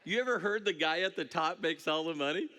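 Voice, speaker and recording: Lively, bright-voiced middle-aged man on stage. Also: on the high side, fairly quick, a little hiss or hum. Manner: animated, joking, breaks into shouts. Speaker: network marketing speaker. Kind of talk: motivational stage speech. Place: stage before a large audience.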